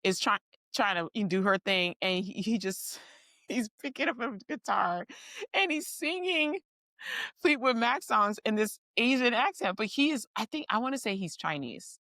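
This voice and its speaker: A woman's voice: fairly high pitch, expressive, normal speed, fairly bright tone, dry recording, studio quality. A woman co-hosting a podcast in casual chat, a chatty storyteller who laughs through her stories. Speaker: podcast co-host.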